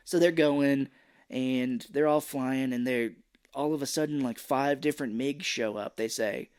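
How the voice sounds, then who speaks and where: A man's voice: mid-range voice, darkish tone, clean tone. Man recapping a movie with impressions. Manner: retells scenes with quick impressions of characters. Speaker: podcast co-host. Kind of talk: casual movie recap podcast.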